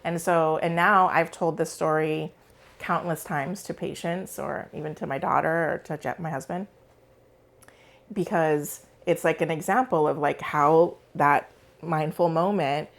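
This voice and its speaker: A woman's voice: deep voice, steady tone, a little slow, gravelly. A woman in her forties, a psychologist guest, telling a personal story in a casual interview with many fillers.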